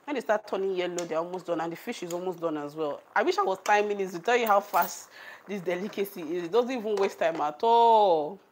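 A chatty cooking vlogger with a Nigerian accent laughs often as she cooks on camera, reads the live chat and talks with viewers in casual livestream conversation. Her fairly low voice is fairly quick, captured by a tripod-mounted camera with a little hiss or hum.

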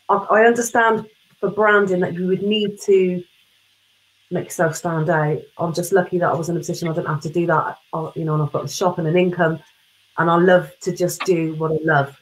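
A woman hosting a casual live interview over a video call, reading out viewer questions and chatting in a relaxed, rambling way. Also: fairly low pitch, poor audio. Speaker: host.

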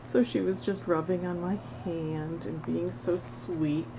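A middle-aged woman volunteering at an animal shelter, chatting casually to the camera and cooing at a cat in a high sing-song voice, laughing often. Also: steady tone, a little slow, noisy background. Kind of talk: casual vlog talking to a cat.

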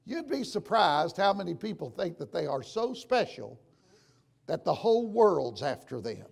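An older man preaching a sermon and telling stories, dropping to a hush and rising to shouts. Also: high-pitched, sing-song, moderate pace, creaky, slightly rough. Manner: storytelling preacher, swings from hushed to shouting. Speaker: pastor.

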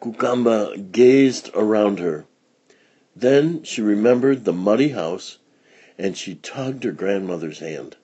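A man reading a children's picture book aloud in an expressive, storytelling manner. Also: fairly low pitch, slow pace, slightly rough, muffled recording.

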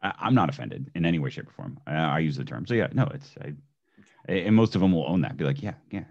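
A man's voice: a bass voice, expressive, fast talker, creaky, a little mellow. A man as a podcast guest in casual chat, easygoing and hesitant, often restarting his sentences. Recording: dull lo-fi audio.

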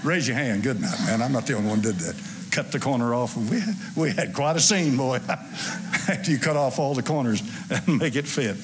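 A man, preaching a sermon to a church congregation in a folksy, animated way with asides to the crowd. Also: medium pitch, moderate pace, a little hiss or hum. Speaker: pastor. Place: church sanctuary.

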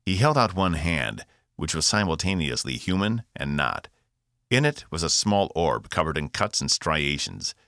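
Male author-narrator, deep voice, very expressive pitch. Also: moderate pace, no room sound, studio quality. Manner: expressive, varied delivery. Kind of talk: scripted narration.

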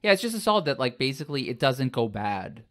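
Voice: medium pitch, sing-song, fast talker. A podcast co-host in casual chat, rambling with many fillers and restarts.

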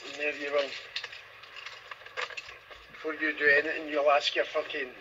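Higher male voice, blunt and sweary channel admin, muffled audio. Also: completely flat delivery, normal speed. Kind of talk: push-to-talk voice chat. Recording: dull lo-fi voice app audio with faint hiss.

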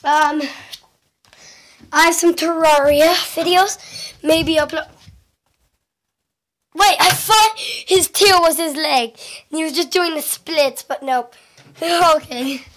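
A woman chatting excitedly in a casual home vlog, giggling and exclaiming as she shows off her things to a handheld camera. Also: high voice, slow pace, long pauses. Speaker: vlogger. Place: at home indoors.

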